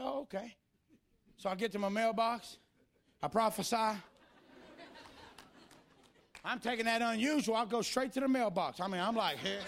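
A male preacher giving a sermon in church, moving between shouted, sing-song preaching and quieter, folksy storytelling. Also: extremely high pitch, vocal fry, noisy background.

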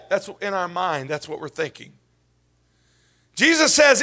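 Impassioned preacher man, high and gravelly. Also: big pitch swings, a little slow, long pauses. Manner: swings from hushed whispers to shouted, sobbing peaks. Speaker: pastor. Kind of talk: sermon.

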